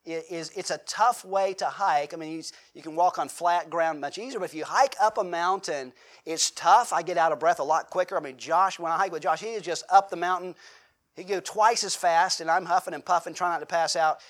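Middle-aged American man, pastor, high-pitched voice, chatty conversational sermon delivery with rhetorical questions. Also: fairly quick, a bit bright. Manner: conversational preaching with rhetorical questions and acted-out quotes.

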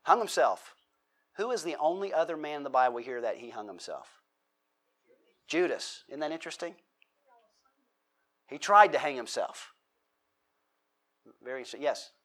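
A man's voice: fairly high pitch, big pitch swings, moderate pace, pauses often, a bit bright. Conversational man preaching a sermon. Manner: conversational, asks the audience questions, acts out quotes. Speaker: pastor. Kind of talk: sermon, Bible teaching.

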